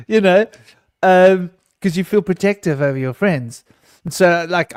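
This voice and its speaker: A man sharing his thoughts in a casual round table, his voice sitting somewhat high. He rambles, circles back and restarts his sentences as he goes. The sound is dry and close, with no room around it. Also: no echo. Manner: rambling and emotional, many restarts. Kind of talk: casual group discussion.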